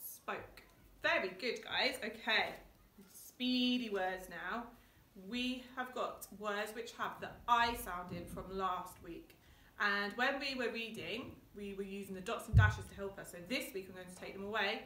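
A female primary school teacher, leading a phonics lesson for young children in a clear, sing-song voice. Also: mid-range voice, a little slow, bright, forceful tone. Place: home, indoors. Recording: echoey room, mic at a distance.

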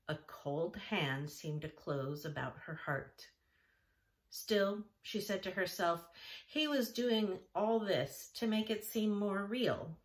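A woman reading a classic children's novel aloud in a gentle, even narration. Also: lowish voice. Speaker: audiobook reader. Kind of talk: storybook narration.

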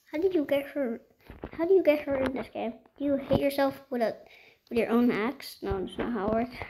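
A woman giving casual gameplay commentary, excitable and easily frustrated, swinging between loud outbursts and whispers. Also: sits high, background noise. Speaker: gaming video creator.

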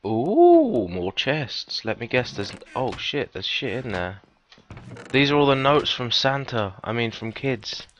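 A man giving cheeky, casual gameplay commentary, swearing often and breaking into sudden high, excited yelps. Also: a little slow, muffled recording, a little hiss or hum. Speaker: let's player.

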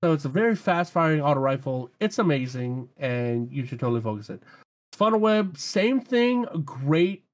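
A man's voice: a little high, very animated, moderate pace. A man hosting a casual gaming podcast, easygoing, laughing often and stumbling over odd weapon names. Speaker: podcast host.

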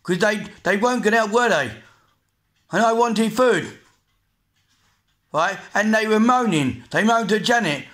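English man, 40s, high-pitched, angry repetitive vlog rant, swears a lot. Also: normal speed, fairly bright tone. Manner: agitated, repetitive, swearing, blunt. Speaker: vlogger.

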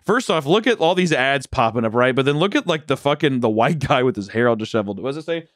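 A man's voice: mid-range voice, animated, fast, fairly bright tone, no echo, clean studio sound. A man co-hosting a comedy podcast, telling crude, joking stories full of profanity and mimicked voices. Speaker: podcast co-host.

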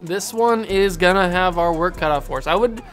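A young man giving casual live commentary on a basketball video game, getting worked up and yelling at his players, then owning his mistakes. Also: high-pitched, moderate pace, faint music behind. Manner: excitable, yells at his players, then blames himself. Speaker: gaming YouTuber playing a basketball video game.

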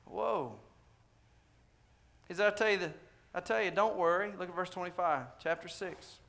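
A man's voice: high voice, normal speed, creaky, fairly bright tone. A man preaching a sermon to his congregation. He talks conversationally, repeats key phrases for emphasis and puts direct questions to the listeners. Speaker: pastor. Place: church sanctuary.

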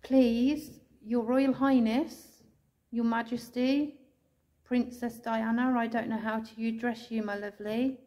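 An English woman ghost hunter calling out to spirits indoors, speaking slowly and tenderly, sometimes tearful, recorded on a handheld camera. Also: on the high side, steady tone. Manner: soft, pleading, slow and tender, calling out with endearments. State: tearful at times.

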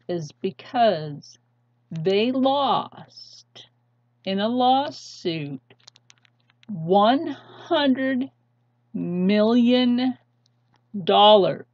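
Woman vlogger, husky and unhurried, urgent and pleading, dull lo-fi audio. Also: medium pitch, darkish tone, no echo. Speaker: channel host. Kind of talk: impassioned vlog rant. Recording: dull lo-fi sound.

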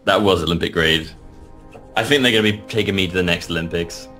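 A man commentating a game he plays, excitable, often yelping and laughing. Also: low-pitched, fast, soft background music. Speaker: gaming channel host. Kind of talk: let's play commentary.

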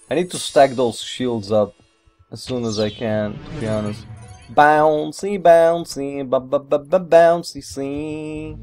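A man doing gameplay commentary, rambling and excitable, with mild swearing and non-native English phrasing. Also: medium pitch, takes it slowly, soft background music. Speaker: let's play gamer.

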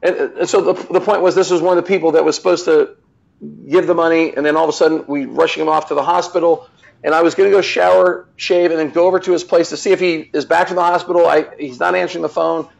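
A man telling a personal story as a guest on a live show, earnest and animated, with many restarts. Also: on the high side, quick pace, creaky, highs cut off.

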